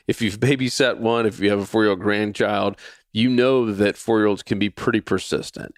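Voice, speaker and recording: This podcast host, a man in his forties, has a fairly low voice recorded in studio quality with no room sound. His personal story builds toward a faith lesson as he lively acts out quoted lines and repeats phrases.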